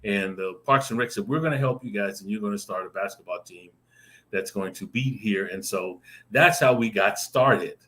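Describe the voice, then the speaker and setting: A man on a video call telling a lively personal story, acting out the voices in it and laughing often. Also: fairly low pitch, moderate pace. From Arizona. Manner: animated, acts out voices in his stories, laughs often. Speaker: guest storyteller. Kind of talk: casual anecdote telling.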